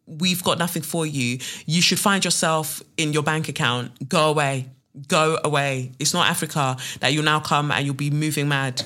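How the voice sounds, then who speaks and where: A woman's voice: deep voice, steady tone, moderate pace, fairly bright tone. A woman hosting a casual solo podcast, talking bluntly and sarcastically and swearing freely. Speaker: podcast host.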